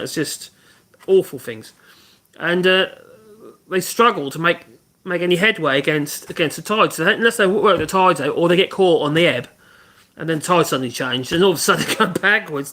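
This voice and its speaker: With a fairly high, bright voice and a forceful tone, a man talks a little fast as he works. It's a casual woodworking livestream, and he rambles along, humming to himself between remarks.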